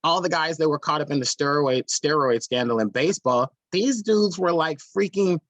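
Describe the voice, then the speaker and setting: A man's voice: fairly high pitch, moderate pace, fairly bright tone, dry recording, low-quality recording. A man co-hosting a casual podcast chat, who laughs often, cuts in and teases his co-host. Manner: laughs often, interrupts, teasing.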